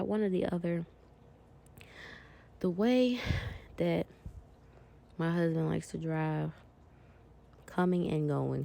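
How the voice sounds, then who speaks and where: Gravelly, mellow-voiced woman chatting to viewers. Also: deep voice. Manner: chatty, talks directly to viewers. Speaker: planner vlogger. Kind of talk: casual chat while decorating a planner.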